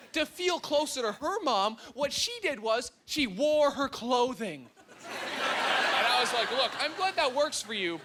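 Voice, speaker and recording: A young man does dark stand-up on a club stage with a handheld mic. His voice sits very high for a man, and his delivery is wry and punchy. The club's noise is clearly heard around him. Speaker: stand-up comedian. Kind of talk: stand-up comedy set. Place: comedy club stage with a live audience. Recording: audience ambience with noise.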